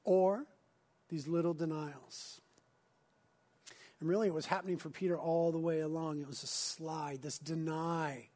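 A man preaching a sermon as pastor, earnest, moving between urgent emphasis and hushed near-whispers. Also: on the high side, steady tone, a little slow.

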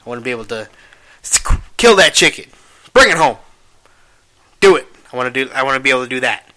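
A young man hosting a podcast, rambling casually and cursing a lot, swinging between low mumbles and loud exclamations. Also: animated, fast. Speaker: podcast host.

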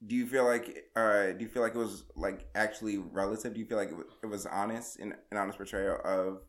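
Man, podcast host, rapid speech, casual chat, pushy questions. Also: fairly low pitch, steady tone, fairly bright tone. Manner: quick, prodding questions.

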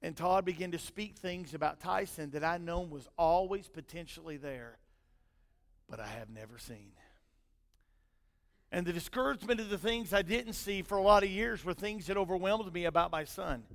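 A middle-aged man, preaching a sermon in a folksy storytelling way, his loudness rising and falling. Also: sits high, normal speed, gravelly. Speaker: pastor. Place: church sanctuary. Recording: long hall reverb.

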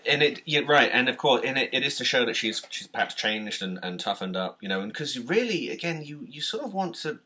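A British man co-hosting a podcast, chatting casually about a film, animated, laughing often and restarting his sentences. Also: mid-range voice, a little fast, hardly any pauses. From Britain. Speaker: podcast co-host.

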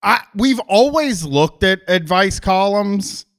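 A man's voice: sits high, expressive, slow pace, fairly bright tone. Rambling, profane male podcast host. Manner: rambling, frequent restarts and swearing. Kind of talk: casual podcast chat.

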